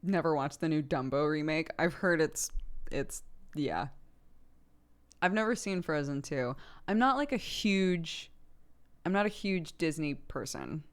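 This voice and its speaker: A young adult woman streamer chatting casually with her viewers, laughing often and jumping up in pitch when she gets excited. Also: unhurried.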